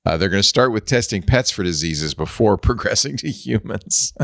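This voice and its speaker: A man's voice: lowish voice, lively intonation, moderate pace, vocal fry, a bit bright, dry recording, studio quality. A man hosting a casual tech panel chat, wry and chatty with loose fillers. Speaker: host.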